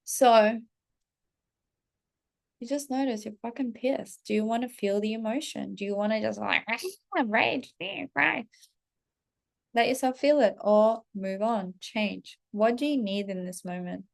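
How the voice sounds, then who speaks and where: Woman coach in her thirties, middle pitch with gravelly fry, blunt and chatty. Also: moderate pace. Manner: candid, heavy swearing, animated self-talk. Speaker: self-development coach. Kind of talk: casual spoken storytelling to followers.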